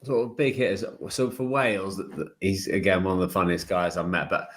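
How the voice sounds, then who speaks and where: A British man with a very low voice, chatting easily on a podcast. He tells loose, rambling stories and drops "mate" into his sentences. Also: brisk. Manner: relaxed storytelling, says "mate" often. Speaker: podcast co-host, ex-footballer. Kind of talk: casual chat.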